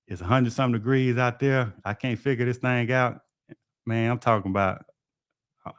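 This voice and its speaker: Clear and resonant, this mid-range male voice comes through a studio-quality, echo-free recording. He's an HVAC tech and livestream host, casually spinning folksy tales from his work.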